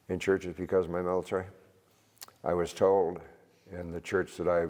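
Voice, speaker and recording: Low-voiced older man in a reverberant hall. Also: a little mellow. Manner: rambling, plain-spoken, chuckles at own stories. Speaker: seminar speaker, retired Army veteran. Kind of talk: informal talk to a church group. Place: church hall.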